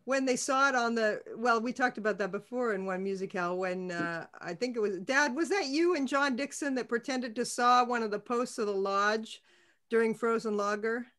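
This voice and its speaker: A woman's voice: on the high side, moderate pace, fairly bright tone. A woman on a video call casually recalling a camp memory and prompting someone to tell it. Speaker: event participant. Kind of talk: casual chat.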